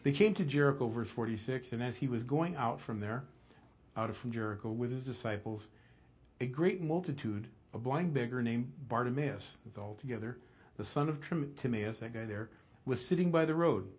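Husky-voiced man preaching a sermon. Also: moderate pace. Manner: animated storytelling, dropping low and soft for emphasis. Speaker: pastor. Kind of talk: expository sermon.

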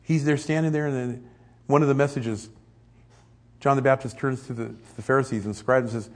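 A middle-aged male pastor preaching a conversational, animated sermon. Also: medium pitch, brisk. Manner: conversational, animated, acts out quotes.

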